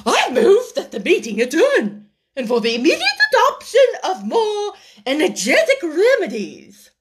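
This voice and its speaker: A woman voicing a solemn dodo bird who speaks slowly in grand, long words. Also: extremely high pitch, huge pitch swings, voice pushed up, full character voice.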